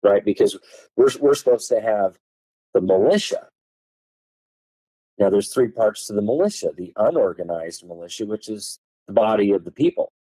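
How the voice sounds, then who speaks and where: A man explaining law on a podcast, reading passages aloud and hammering key words with swooping, lively pitch. His voice is dark and slightly husky, recorded dry and close. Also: normal speed, no echo, rough recording. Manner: emphatic, stresses key words with tone changes; reads legal texts aloud in a lecturing way. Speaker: podcast guest.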